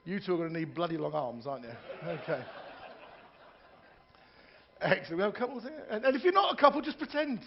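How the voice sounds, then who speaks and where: A man's voice: high voice, lively intonation, brisk, pauses often, dull audio, a little hiss or hum. A man performing stand-up comedy in a ship's theatre, telling jokes, doing characters' voices and joking with the audience.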